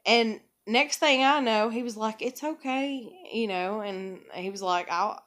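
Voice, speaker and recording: A woman's voice: a little high, unhurried, fairly bright tone. A young woman talking candidly in a rambling personal monologue, full of fillers and swearing. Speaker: vlogger.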